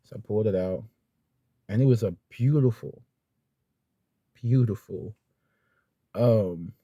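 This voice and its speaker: A man's voice: on the low side, slow pace, slightly rough, dry recording, muffled recording. A young man telling a personal story in a vlog. He is sincere and rambling, with lots of fillers, and close to tears at times. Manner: rambling and heartfelt, with many fillers and restarts. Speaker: vlogger.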